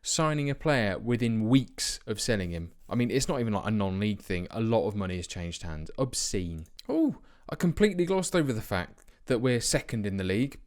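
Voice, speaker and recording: A young man casually commentating his football management game, chatty and self-mocking, with sudden bursts of excitement. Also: on the low side, a little fast, hardly any pauses. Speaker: let's play host.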